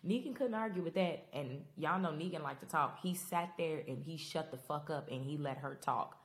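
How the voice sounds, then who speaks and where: A woman hosting a podcast, talking casually and emotionally to her listeners in a Black while recapping a TV finale. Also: deep voice. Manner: expressive, emotional, rambling, talks to listeners directly. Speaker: podcast host.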